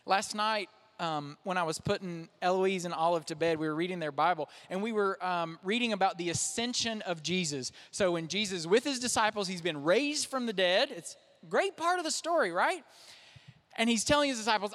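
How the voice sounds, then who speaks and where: High-voiced man preaching in a hall. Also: expressive, fairly quick, fairly bright tone. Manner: conversational, self-deprecating preaching. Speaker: pastor. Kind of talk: sermon. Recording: reverberant hall.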